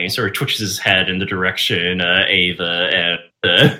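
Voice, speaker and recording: A man narrates a tabletop game as its game master. His voice is strikingly bright and sharp. He talks in a loose, meandering way, full of "sort of" and "like". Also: low voice, normal speed. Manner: relaxed, hesitant narration with fillers.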